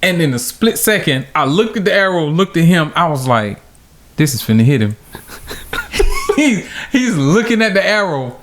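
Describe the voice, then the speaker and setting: A man tells a story on a casual podcast, laughing often. His voice sits a little high for a man, and he jumps even higher when he acts out what people said. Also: normal speed, slight background noise. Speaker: podcast co-host.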